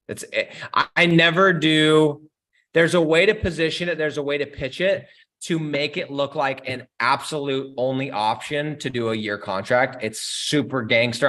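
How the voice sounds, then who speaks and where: A young adult man runs a casual live Q&A stream, answering chat questions in energetic, slangy talk aimed straight at his viewers. His voice is mid-range.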